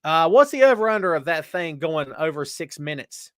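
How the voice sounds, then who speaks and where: A man's voice: on the high side, sing-song, moderate pace, dry recording. Chatty male wrestling-show host, dry sound. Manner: chatty, reads viewer comments aloud, jokes. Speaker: podcast host. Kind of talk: casual live-stream chat.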